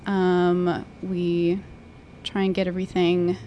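A woman who works at the cafe, describing her workday in a friendly, measured way with many fillers. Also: fairly low pitch, monotone, dark tone, dull audio, slight background noise. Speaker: cafe worker. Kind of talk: casual chat.

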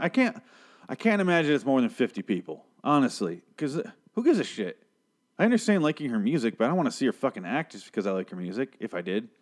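A man giving a casual, rambling episode recap, profane and opinionated, swearing freely. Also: mid-range voice. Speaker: TV show recapper.

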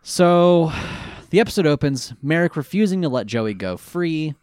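A man co-hosting a casual recap podcast, his pitch bouncing all over as he jokes and rushes through asides. The sound is dry and close, with no room around it. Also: clean tone, no room sound. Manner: animated, jokey, bursts into quick asides and silly voices. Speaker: podcast co-host. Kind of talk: casual episode recap chat.

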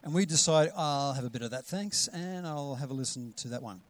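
A middle-aged man, preaching a lively sermon and acting out voices with sudden loud calls. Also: medium pitch, brisk. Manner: animated, acts out voices with big loud calls. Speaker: pastor.

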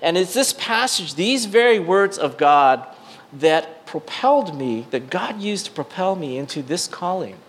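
A middle-aged male pastor preaching a sermon, telling a personal story with frequent restarts and fillers, swinging between excited bursts and hushed, quiet moments. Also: a little high.

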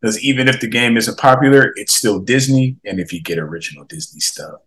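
A young man hosting a casual gaming podcast, reading out viewer comments with slangy, animated reactions and frequent laughs. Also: medium pitch, brisk, low-quality recording. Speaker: podcast host.

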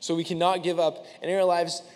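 A young man preaching in an easy, chatty way, earnest and loose with his fillers as he tells personal stories. His voice sits a little high for a man, and it rings out with the long reverb of a church hall. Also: little pitch movement, a little fast, a little mellow. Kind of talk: casual sermon with personal stories.

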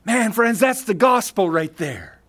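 A man's voice: high voice, sing-song, a little slow, fairly bright tone. A man preaching a sermon, emphatic, asking the congregation rhetorical questions and reading scripture aloud. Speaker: pastor.

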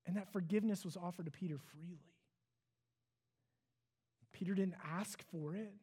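A man's voice: high voice, normal speed, mellow, breathy edge. A man giving a sermon, retelling a story in an earnest, conversational way with casual fillers. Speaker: preacher.

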